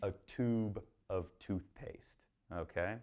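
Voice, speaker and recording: A man teaching English pronunciation in a recorded lesson, talking in a very chill, monotone way. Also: deep voice, slow pace.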